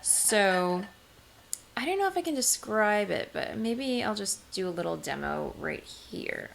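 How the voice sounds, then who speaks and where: A woman's voice: fairly low pitch, vocal fry, a bit bright, slight background noise. A woman hosting a knitting video podcast from home, talking casually and rambling with lots of ums and restarts as she shows her crafting gear. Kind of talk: casual show-and-tell vlog. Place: home, seated indoors.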